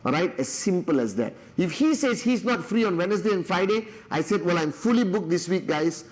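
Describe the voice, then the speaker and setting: High-pitched male trainer with a lilt; animated, emphatic, checks in with the audience constantly. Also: brisk, low-quality recording. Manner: emphatic, punctuates nearly every point with "all right?"; animated, swings from loud excitement to quiet asides. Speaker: network marketing trainer. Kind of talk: motivational business training talk.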